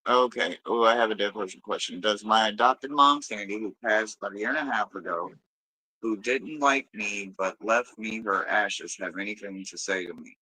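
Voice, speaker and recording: A man's voice: on the low side, normal speed, sharp tone, breathy edge, low-quality recording. A man hosting a live tarot stream, chatting casually and loosely with viewers, swearing freely and rambling between readings.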